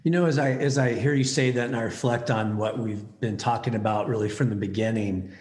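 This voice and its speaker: An older man speaking in a reflective, measured way in a casual conversation. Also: mid-range voice, a little mellow, roomy sound.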